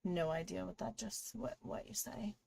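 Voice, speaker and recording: A woman's voice: medium pitch, moderate pace, vocal fry, mellow, a little hiss or hum. A woman hosting a live drawing stream, chatting casually with viewers and greeting them while she draws. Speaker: livestream artist host.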